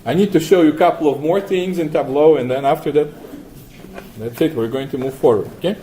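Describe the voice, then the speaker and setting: A man teaching a class, walking through software steps and asking students questions, often adding 'right?'. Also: a little high, brisk, a little hiss or hum. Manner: asks the class frequent questions, tags 'right?'. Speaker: lecturer. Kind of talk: classroom lecture with software demo.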